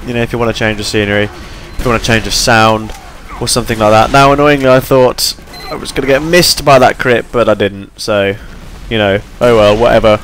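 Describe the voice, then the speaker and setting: A man's voice: medium pitch, steady tone, fairly quick, few pauses, a bit bright, soft background music. A tired young man giving rambling, chatty commentary over his gameplay, yawning between points. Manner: rambling, chatty, self-deprecating.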